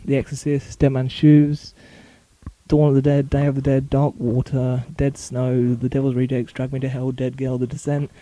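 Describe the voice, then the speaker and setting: A man speaks in a very dark, mellow tone, reading through a long list at speed and correcting himself as he goes. The sound is close and dry, recorded at home in his bedroom for a casual vlog. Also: mid-range voice, no echo. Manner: rattles off titles quickly with small slips and self-corrections. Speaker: video blogger.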